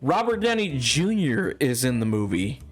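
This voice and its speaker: A man co-hosting a casual podcast, animated and quick to act out quotes. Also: mid-range voice, faint music behind. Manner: animated, jumps into silly voices for quotes. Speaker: podcast co-host.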